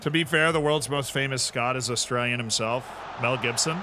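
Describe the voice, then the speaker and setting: A man's voice: mid-range voice, moderate pace, noisy background. A man streaming a football management game, chatting casually, reacting to the match and answering his chat. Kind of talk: live gameplay commentary.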